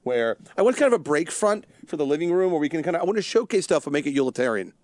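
A man's voice: on the high side, sing-song, very fast, darkish tone, no room sound. A man co-hosting a casual podcast chat, rambling and joking, often stumbling over his words.

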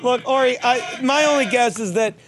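A man hosting an improvised comedy interview, questioning in a teasing, deadpan way. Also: very high-pitched, normal speed, background noise.

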